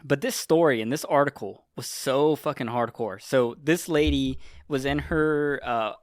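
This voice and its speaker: A man's voice: medium pitch, a little slow, no echo, clean studio sound. A man chatting casually as a podcast host, retelling a story in a loose, rambling way with lots of swearing and filler. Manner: rambling, profane, heavy use of "like". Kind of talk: casual chat.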